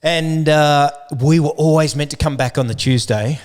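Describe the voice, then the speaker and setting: A man's voice: fairly high pitch, normal speed. A man, co-hosting a podcast in a rambling, jokey, casual chat. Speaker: podcast co-host.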